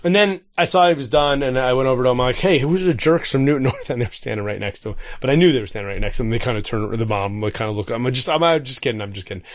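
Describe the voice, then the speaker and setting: Casual male podcast co-host, forties, middle pitch, dry close sound, rambles and acts out quoted lines. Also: expressive, rapid-fire, few pauses, dry recording. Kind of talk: casual chat.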